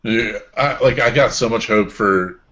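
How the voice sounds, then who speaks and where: A man's voice: lowish voice, a little slow, a bit bright, dull audio. A man co-hosting a casual webcast, laid-back and joking. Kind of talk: casual chat.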